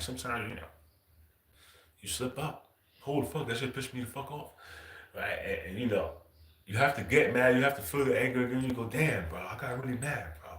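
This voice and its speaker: A man's voice: medium pitch, fairly bright tone, echoey room. A man hosting his own livestream, talking in a loose, profane, casual monologue. He says "bro" constantly and chuckles often. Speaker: livestream host.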